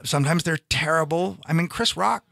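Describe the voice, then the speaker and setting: A man's voice: a little high, fairly quick, gravelly, pushed and bright, dry recording, studio quality. A man, a stand-up comedian, talking casually and rambling, often breaking off and restarting his sentences. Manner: rambling, self-interrupting, frequent restarts. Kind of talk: casual chat.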